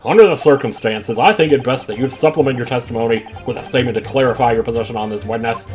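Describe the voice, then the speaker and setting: A man's voice: medium pitch, fast talker, darkish tone, natural voice. A man playing a formal, commanding judge. He speaks with a stern tone over faint background music.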